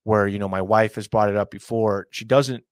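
A man's voice: on the low side, fairly even intonation, normal speed, no room sound. Rambling earnest man, dry close sound. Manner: rambling, many fillers and asides, earnest preaching tone. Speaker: commentary show host. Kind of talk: casual commentary monologue. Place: small hot room at home.

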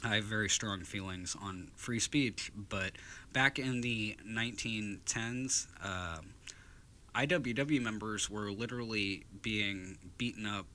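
A man's voice: fairly low pitch, sharp tone, slight background noise. A man hosting a podcast, talking bluntly and casually, with some swearing. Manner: fervent, speechifying; blunt, profane. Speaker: podcast host. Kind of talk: casual chat then an impassioned speech.

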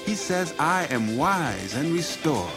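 A man reading a devotional narration in a slow, reflective way. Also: fairly high pitch, sing-song. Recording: voice over loud music. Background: music.

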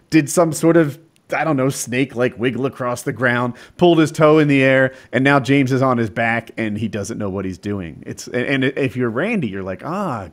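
A man in casual chat, telling fight stories in an animated, excitable way. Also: medium pitch.

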